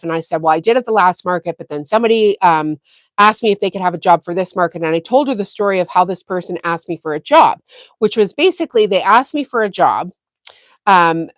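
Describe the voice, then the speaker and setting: A woman's voice: medium pitch, dry recording, clean studio sound. A woman hosting a sewing livestream, chatting casually and telling a story full of fillers and acted-out quotes. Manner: animated, acts out quoted dialogue. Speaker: sewing channel host.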